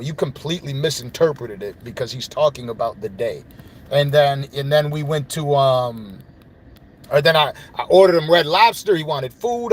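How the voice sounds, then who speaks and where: A man hosting a podcast, telling a story in a casual, rambling monologue full of swearing and "you know what I mean.". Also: on the high side. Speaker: podcast host.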